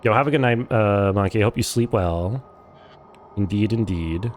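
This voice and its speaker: Speaking at normal speed in a lowish voice, a young man with a Californian accent hangs out on a game live stream. His talk is loose and chatty, full of "like," and slight background noise can be heard.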